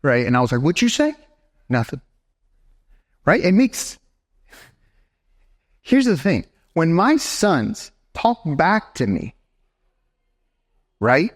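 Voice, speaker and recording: An animated young male pastor preaching to his congregation, with a high voice that swings widely up and down. He keeps turning to the room with quick "right?" checks, lively and direct. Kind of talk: sermon. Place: church sanctuary.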